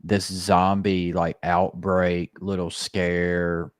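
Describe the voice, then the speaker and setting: Low-voiced man telling a profane story. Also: extremely slow, no room sound, clean studio sound. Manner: loose, profane, animated storytelling. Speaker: podcast co-host. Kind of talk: casual chat, storytelling.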